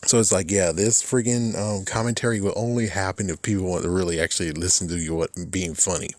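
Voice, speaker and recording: Young male vlogger, low voice, dry close sound, loose rambling movie talk with plenty of swearing. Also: fast talker, no room sound. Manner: animated, swearing, laughs at his own jokes.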